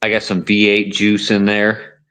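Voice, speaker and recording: A man with a fairly low voice joins a casual livestream panel. He teases and goads, speaks crudely, and often repeats himself. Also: completely flat delivery, measured pace, a bit bright, smooth. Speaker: panel guest. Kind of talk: casual chat.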